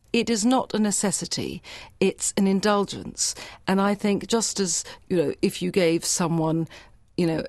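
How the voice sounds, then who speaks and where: A woman being interviewed as a food writer, speaking articulately in measured, elaborated sentences with asides. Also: lowish voice, no echo. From Britain. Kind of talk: interview conversation.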